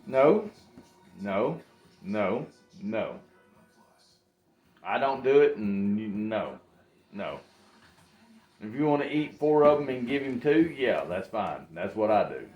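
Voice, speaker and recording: A man chatting casually in his home kitchen, blunt and profane and quick to poke fun at himself. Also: fairly low pitch, sing-song, reverberant, lo-fi sound, soft background music. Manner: blunt, profane, self-mocking. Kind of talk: casual home cooking chat.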